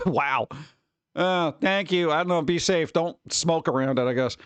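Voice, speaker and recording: A man's voice: a little high, unhurried, clear, resonant tone, no room sound. A man in his forties, hosting a stream in casual chat, ranting and swearing lightly about everyday annoyances. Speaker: streamer host.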